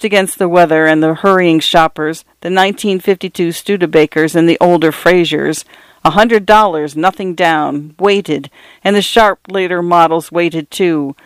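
A man reading a literary novel aloud as narrator, in a measured and expressive way. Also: on the high side, clear, resonant tone, no room sound. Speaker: audiobook narrator.

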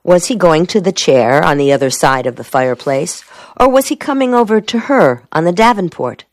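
In a fairly low-pitched voice, a female audiobook narrator delivers scripted narration of a novel, steady and measured like a storyteller. There's no room sound at all.

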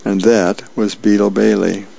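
A man's voice: on the low side, level tone, measured pace, vocal fry, mellow. A man casually reading newspaper columns and comic strips aloud on the radio, with fillers along the way. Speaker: radio reader. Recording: dull lo-fi sound, dry.

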